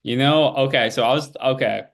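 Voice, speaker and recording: With a medium-pitched voice and some vocal fry, this young co-host of a sibling podcast talks at a moderate pace. He keeps the sports chat about his team relaxed, wandering through filler words and starting sentences over.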